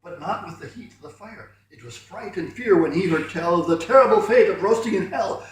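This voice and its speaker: A man's voice: sits high, lively intonation, brisk, few pauses. A man reading his friend's rhyming poems at a poetry night, with chatty, modest asides between them. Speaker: poetry reader. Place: room at a poetry night event. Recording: very echoey room, mic far off.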